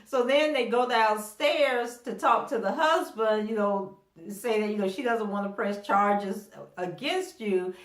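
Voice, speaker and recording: A woman's voice: medium pitch, a little slow, hardly any pauses, echoey room. A middle-aged woman hosting a casual TV episode recap. She is chatty, laughs often, and acts out quotes from the characters. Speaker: TV recap host.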